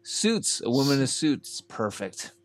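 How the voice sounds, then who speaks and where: A man's voice: medium pitch, sing-song, a little slow. A young man co-hosting a comedy podcast, chatting casually with a teasing, laughing manner. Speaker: podcast co-host.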